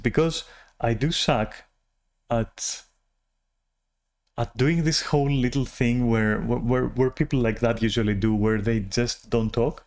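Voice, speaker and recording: A man's voice: medium pitch, a little mellow. Frustrated, swearing man ranting. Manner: profane, frustrated, rambling with many restarts. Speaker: vlogger. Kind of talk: rambling personal rant.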